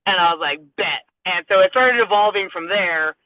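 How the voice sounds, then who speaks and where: A woman's voice: fairly low pitch, normal speed, no echo. A woman from Southern California, a professional wrestler guest, telling a long story casually and acting out the other people's lines with a laugh now and then. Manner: rambling, acts out quoted dialogue, laughs often. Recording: tinny phone-like dry sound.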